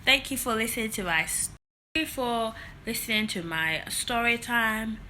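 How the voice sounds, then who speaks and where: A young woman vlogger telling a personal story in an animated, expressive way, laughing often. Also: on the high side, measured pace, slight background noise. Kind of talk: storytime vlog.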